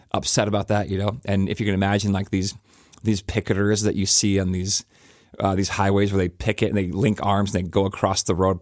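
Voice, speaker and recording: A man's voice: fairly low pitch, no room sound, studio quality. A middle-aged man, a pastor, reflecting on grief in a rambling, conversational way with many fillers and restarts. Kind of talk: reflective personal talk.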